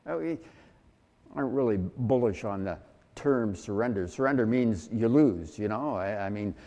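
A man preaching a sermon, talking slowly and haltingly with frequent restarts and fillers. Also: lowish voice, expressive, dark tone, long reverb tail. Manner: slow, halting delivery with many restarts and fillers. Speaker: pastor.

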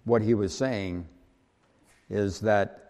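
A man preaching a sermon, talking slowly and haltingly with frequent restarts and fillers. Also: on the low side, fairly even intonation, warm tone, big-room sound. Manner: slow, halting delivery with many restarts and fillers. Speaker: pastor.

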